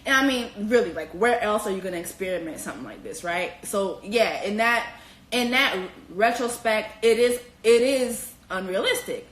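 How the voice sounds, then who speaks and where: A woman hosting casual commentary on a reality TV show, animated and slangy, with profanity and squealing high exclamations. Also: normal speed, roomy sound, slight background noise, poor audio. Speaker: host.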